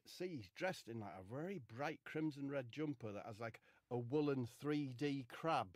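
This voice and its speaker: Brief: a deadpan male comic storyteller with a dry, close sound. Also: mid-range voice, moderate pace, dry recording. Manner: rambling, deadpan, swears casually. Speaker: comedian.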